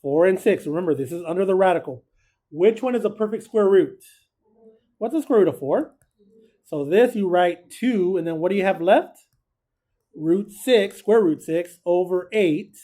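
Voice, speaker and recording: A man's voice: high-pitched, expressive, normal speed, dark tone. A man teaching a casual recorded math lesson, chatty and joking, who keeps quizzing his students.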